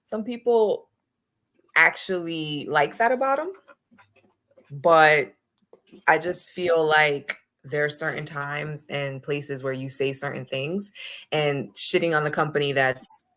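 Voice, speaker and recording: A woman's voice: low voice, takes it slowly, a bit bright. A married woman hosting a casual wrestling talk show, blunt and opinionated, swearing freely as she gives her takes. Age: adult, married. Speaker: podcast host.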